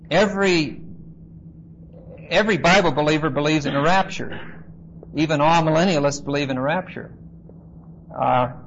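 A man preaching an expository Bible teaching, measured and emphatic, often pausing with "uh" and checking in with "okay?". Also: on the high side. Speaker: pastor. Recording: slightly dull lo-fi sound with faint noise.

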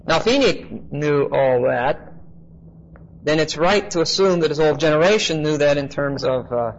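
A man preaching an expository Bible teaching, measured and emphatic, often pausing with "uh" and checking in with "okay?". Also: fairly high pitch. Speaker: pastor. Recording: slightly dull lo-fi sound with faint noise.

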